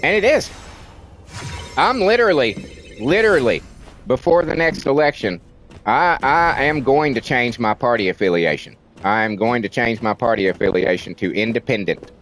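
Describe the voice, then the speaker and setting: A man's voice: medium pitch, expressive, moderate pace, a bit bright, faint music behind. Male streamer, American-raised, ranting hard with lots of cursing and repetition, ordinary mid-range voice. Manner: heated, profane, repeats words for emphasis. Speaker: livestreamer. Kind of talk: casual ranting commentary on stream.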